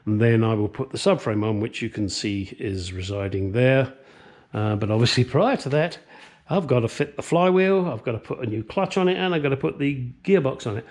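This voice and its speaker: A man's voice: medium pitch, expressive, fairly quick, darkish tone. A man hosting a car restoration vlog, chatting casually in a home garage, rambling and joking as he goes. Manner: rambling and jokey, swears freely. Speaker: channel host restoring a classic car. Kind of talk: casual workshop vlog chat.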